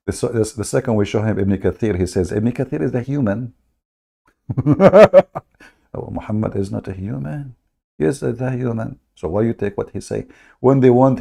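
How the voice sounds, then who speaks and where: A man hosting a live stream in a sarcastic, mocking manner, laughing at his own points. His voice is low and gravelly, with a dark, mellow tone.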